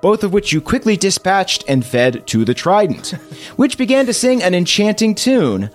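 A man game master, hosting and narrating a tabletop game recap in a playful, animated storytelling way. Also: sits high, normal speed, faint music behind.

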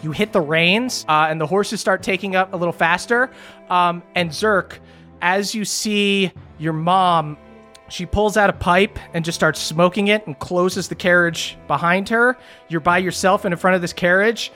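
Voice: medium pitch, moderate pace, bright, forceful tone, soft background music. A game master narrating a tabletop game in a casual manner, laughing and swearing freely.

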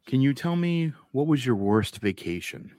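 A man's voice: mid-range voice, lively intonation, normal speed, a little mellow, no echo, studio quality. A man hosting a casual podcast, firing off quiz questions in a laid-back way. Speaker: podcast host.

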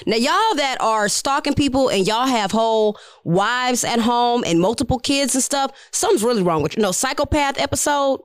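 A woman's voice: on the high side, animated, normal speed, few pauses, dry recording, studio quality. A woman co-hosting a podcast, telling stories in a candid, blunt, salty way. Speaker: podcast co-host. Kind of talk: casual chat.

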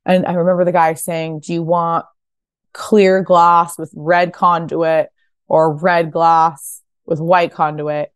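A woman in her thirties, a fashion founder guesting on a podcast, telling stories casually and acting out quotes with bursts of high voices. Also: level tone, slow, clean tone, no echo. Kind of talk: casual interview storytelling.

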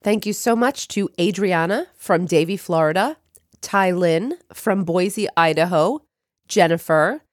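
A woman with a fairly low voice co-hosts a true crime podcast and tells the case in a chatty way. Her pitch leaps up when she gets excited. The sound is dry and close, with no room around it. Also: measured pace, no echo. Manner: lively, with big pitch jumps when excited. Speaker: podcast co-host.

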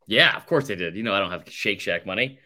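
Bright-voiced man telling a rambling story. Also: fairly low pitch, expressive, fast talker. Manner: rambling, sarcastic, heavy use of "like". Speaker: podcast co-host. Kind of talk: casual storytelling chat.

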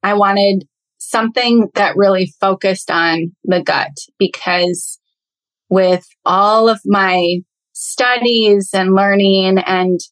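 A woman in her thirties speaks as a health coach on a casual podcast, earnest and reflective. She talks at an unhurried pace with an ordinary pitch. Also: fairly even intonation, rough recording. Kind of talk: casual interview chat.

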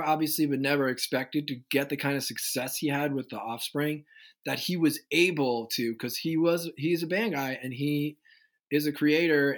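A man guest on an interview podcast, telling stories in a loose, animated way and acting out the people he quotes. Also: on the high side. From United States. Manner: animated storyteller who acts out quoted voices. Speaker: guest musician. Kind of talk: casual interview storytelling.

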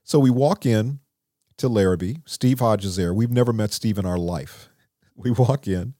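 A man telling stories as an interview guest in a recording studio, animated and acting out what people said. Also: normal speed, dry recording. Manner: animated, acts out quotes with lively pitch. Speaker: songwriter and producer, interview guest. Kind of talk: conversational storytelling.

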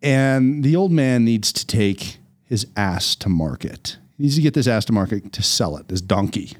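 A man hosting a casual talk show, telling a fable in a lively, rambling way and often repeating his words. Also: mid-range voice, moderate pace. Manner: animated, repeats words while telling a story. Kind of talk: casual storytelling chat.

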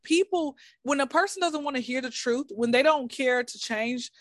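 A woman's voice: high voice, moderate pace, dry recording, studio quality. A woman, a podcast guest telling a casual, comedic story. She talks bluntly and teasingly, rambling off on tangents. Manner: rambling, digressive, keeps saying back to the story.

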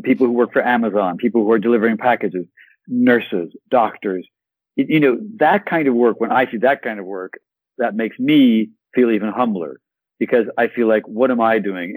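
Animated man, dry close sound. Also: medium pitch, dry recording, poor audio. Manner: enthusiastic, animated, repeats words. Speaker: actor guest. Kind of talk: podcast interview.

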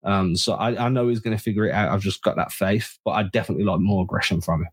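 A man's voice: low-pitched, quick pace, breathy edge. A man co-hosting a sports podcast, giving emphatic opinions in casual chat. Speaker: podcast co-host.

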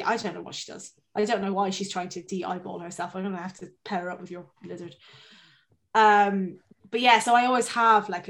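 A woman chatting casually as a podcast co-host. She tells animated stories about her son and her horse and swears freely. She comes across as a busy mother. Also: mid-range voice. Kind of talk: casual chat.

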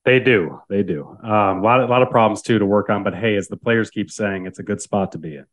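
Man, low voice, guest analyst, chatty football talk. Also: fairly quick. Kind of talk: casual sports podcast chat.

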